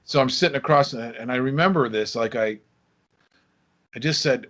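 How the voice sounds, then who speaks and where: A man's voice: mid-range voice, brisk. A man in his sixties telling stories casually as a podcast guest, acting out the dialogue of the people in them. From Michigan, USA. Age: 60s. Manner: lively storyteller who acts out quoted dialogue. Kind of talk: casual interview storytelling.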